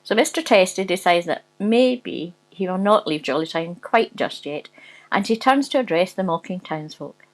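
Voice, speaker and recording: A woman's voice: lowish voice, expressive, normal speed, low-quality recording. A woman reading a rude comic story aloud, often giggling as she goes. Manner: giggly, breaking into laughter while reading.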